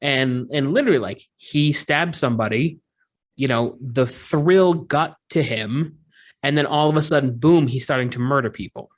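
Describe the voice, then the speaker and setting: Male podcast co-host, mid-pitched, loose and rambling, jokes a lot. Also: moderate pace. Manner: rambling, joking, lots of fillers and restarts. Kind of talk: casual podcast chat.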